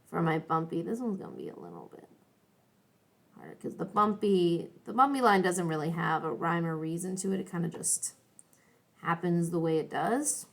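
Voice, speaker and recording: In a classroom art lesson video, a young adult woman teaches in a fairly low voice with vocal fry, very animated and at a moderate pace. She's chatty and encouraging, thinking aloud as she draws and colors.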